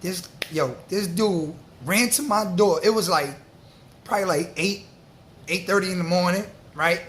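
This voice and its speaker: Animated New man in his forties. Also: high voice, moderate pace. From New York. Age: 40s. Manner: animated, slangy, streetwise storytelling. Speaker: vlogger. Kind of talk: casual storytelling to camera.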